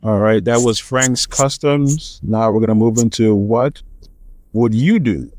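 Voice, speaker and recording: A man hosting a podcast in casual chat, steering between segments and teasing the others with quick reactions. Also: medium pitch, darkish tone, no echo, clean studio sound. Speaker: podcast host.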